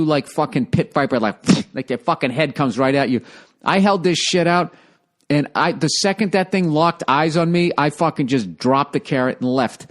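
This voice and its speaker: A man in his forties with a Boston accent, telling a rambling, profane, exasperated story. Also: on the high side.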